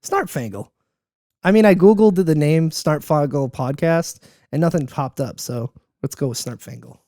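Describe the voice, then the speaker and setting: A young man hosts a casual podcast with upbeat banter and frequent laughs. His voice sits a little high. The close mic sounds dry, with no room around it. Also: expressive, moderate pace, dark tone, no room sound. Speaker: podcast host. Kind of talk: casual chat.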